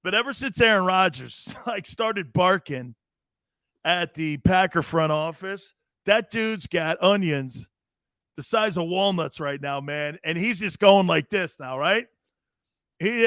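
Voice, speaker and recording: Excitable man hosting a sports show. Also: high-pitched, takes it slowly, dry recording, clean studio sound. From Connecticut, United States. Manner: excitable, rambling, laughs often. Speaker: sports talk show host. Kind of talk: casual sports talk.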